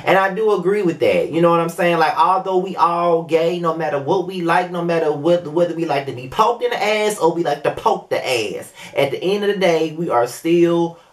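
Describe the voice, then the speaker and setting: A man's voice: a little high, moderate pace, few pauses. A young man hosting his own video review show, talking casually and animatedly with plenty of swearing and filler asides. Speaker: show host reviewing a reality series.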